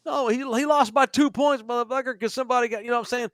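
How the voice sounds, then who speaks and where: A man's voice: very high-pitched, steady tone, fast talker, a bit bright, no room sound. A man co-hosting a sports podcast from a bar studio, ranting emphatically with plenty of profanity. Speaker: podcast co-host. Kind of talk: casual sports podcast rant.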